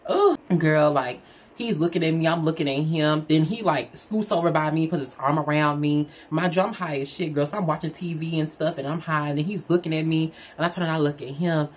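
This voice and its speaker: A woman's voice: a little fast, slightly rough. A woman telling a personal story in a casual, candid, chatty way, talking straight to her audience. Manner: chatty, candid, addresses the audience as "girl" and "y'all"; animated, with big swings in pitch. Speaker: storyteller vlogger.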